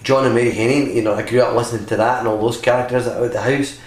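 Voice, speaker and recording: A man from California, a podcast guest, chatting casually and telling lively stories that slip into impressions. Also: mid-range voice, fast. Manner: animated storyteller who slips into voices. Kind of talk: casual chat. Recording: echoey room.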